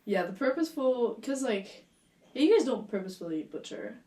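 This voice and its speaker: A woman's voice: on the high side, brisk. A young woman from France with a French accent, a guest chatting casually and laughing easily. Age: young adult. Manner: laughs easily, playful and animated. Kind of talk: casual chat. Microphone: video call. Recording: echoey room, far from the mic.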